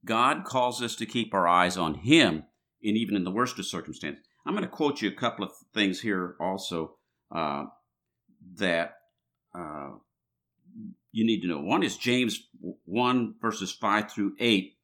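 A man's voice: on the low side, animated, a little slow, bright, forceful tone. A man preaching a sermon in a conversational way, reading scripture aloud, with frequent restarts and filler words.

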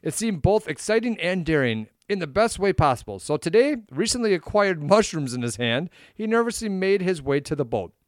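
A man's voice: high-pitched, sing-song, no echo, studio quality. Midwestern man, casual podcast co-host. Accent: Upper Midwest American. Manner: mutters and swears at equipment, reads aloud haltingly. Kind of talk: casual chat.

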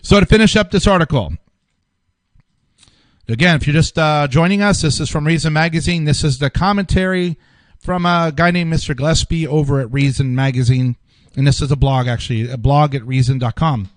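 A man's voice: fairly high pitch, fairly quick, no echo. Rambling man reading political news. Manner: rambling, restarts often, repeats words. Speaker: political commentary host. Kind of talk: casual news commentary.

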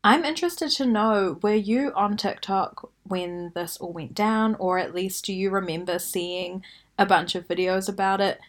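A young woman with a New Zealand accent hosting a podcast in a casual, chatty way, talking slowly and laughing often. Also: mid-range voice. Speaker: podcast host.

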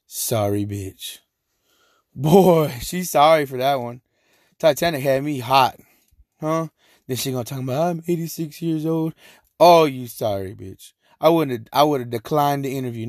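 Joking, profane podcast host. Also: male voice, medium pitch, a little mellow, no echo, clean studio sound. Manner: profane, joking, slangy and rambling. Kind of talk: casual solo podcast monologue.

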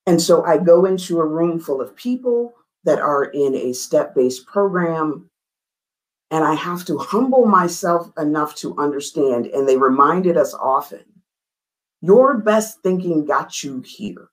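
A woman as an interview guest, telling a candid personal story in an earnest, emphatic way, her voice rising high when she gets excited. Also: measured pace, poor audio.

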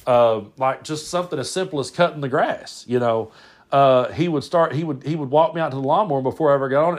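A man's voice: medium pitch, fast. A man, hosting a podcast and telling casual stories about family, rambling and often restarting his words. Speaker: podcast host. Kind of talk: casual storytelling monologue.

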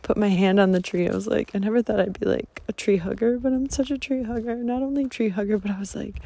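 A woman's voice: mid-range voice, steady tone, quick pace, vocal fry, dark tone. A woman vlogging casually outdoors on a forest trail into a handheld phone, gushing and spiritual, often slipping into a whisper. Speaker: travel vlogger. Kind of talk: casual travel vlog.

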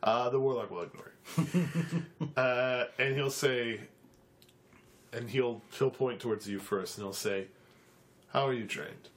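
A man running a tabletop game as game master, narrating in a halting way with many fillers. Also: medium pitch.

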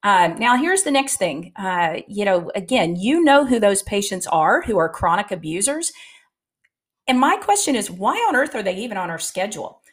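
A woman's voice: mid-range voice, big pitch swings, moderate pace. A middle-aged woman talking casually and candidly to practice teams, giving advice and telling stories with plenty of filler words.

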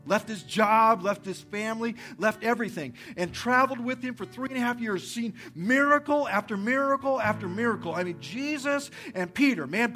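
A man, a pastor, preaching a conversational, energetic sermon in a church, repeating his phrases for effect. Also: high voice. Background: soft guitar music.

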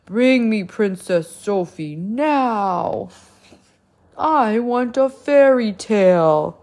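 A woman voicing a big, gentle giant in a storybook reading, with slow booming lines. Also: expressive, full character voice. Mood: demanding.

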